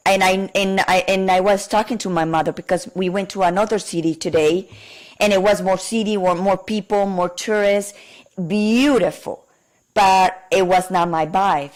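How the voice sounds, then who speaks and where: A hoarse woman with a Colombian Spanish accent, a native Spanish speaker, talking as a podcast guest in heartfelt, emotional conversation. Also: medium pitch, steady tone, moderate pace, darkish tone. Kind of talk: casual conversation.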